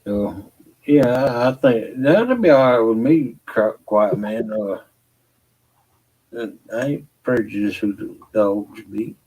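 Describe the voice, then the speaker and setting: A man talking as a guest in a casual chat, slow and halting with many fillers. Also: fairly low pitch, dark tone, husky, low-quality recording.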